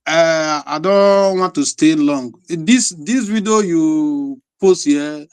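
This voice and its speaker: A man with a Nigerian accent calling in to a live talk show, speaking haltingly with many hesitations. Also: a little high, clear, resonant tone, no echo. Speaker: caller.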